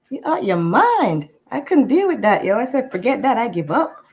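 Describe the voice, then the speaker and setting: A woman tells a personal story, venting in animated bursts and sometimes slipping into patois. Her voice sits fairly high, and the recording sounds muffled and lo-fi. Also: moderate pace, slightly rough. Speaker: YouTuber. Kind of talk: candid storytime vlog.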